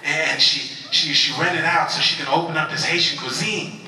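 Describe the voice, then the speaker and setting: Heard from far off in an echoey convention hall, a motivational speaker tells a story to a large audience, using call-and-response and stammering through restarts. His voice is fairly high and pushed, bright, with fairly even intonation at a normal speed.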